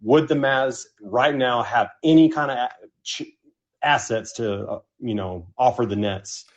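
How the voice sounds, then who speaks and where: A man's voice: mid-range voice, unhurried. A man calling in to a live podcast room, talking about his team in a loose, rambling way. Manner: loose, rambling fan talk. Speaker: caller. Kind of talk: casual call-in chat. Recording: dull lo-fi call audio.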